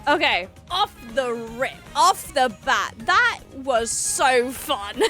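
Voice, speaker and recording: High, lively, excitable woman reacting. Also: slow pace, music in the background. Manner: bursts into excited shouts and squeals. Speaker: reaction video host.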